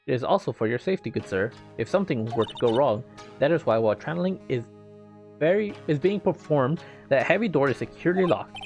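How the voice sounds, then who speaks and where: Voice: medium pitch, animated, quick pace, a little mellow, natural voice. A player reading game dialogue aloud, voicing a stern, formal older woman spirit medium over game music. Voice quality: stiff, overly formal phrasing.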